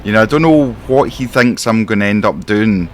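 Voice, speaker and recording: Low-voiced Scottish man griping while gaming. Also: normal speed, a little hiss or hum. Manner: rambling, exasperated griping. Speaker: simulation gamer playing a truck driver. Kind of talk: casual in-character game commentary.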